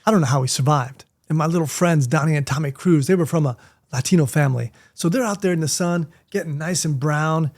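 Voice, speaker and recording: Speaking to camera, this Miami, Florida native in his fifties, a martial arts teacher who vlogs, shares casual stories with jokes and chatter. He has a fairly high, darkish voice and talks a little fast.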